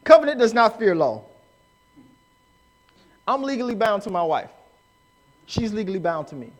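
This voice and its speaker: A man preaching a live sermon in church, emphatic and rising to shouts as he acts out the people he quotes. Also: high-pitched, sing-song, normal speed. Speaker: pastor. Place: church sanctuary.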